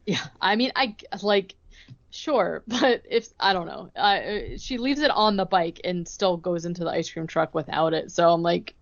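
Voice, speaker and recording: A woman co-hosting a podcast, recapping a movie plot in a casual, chatty way and acting out the characters' lines in quick bursts. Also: lowish voice, animated, gravelly, muffled recording. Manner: chatty, retells scenes with quick acted-out quotes. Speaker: podcast co-host.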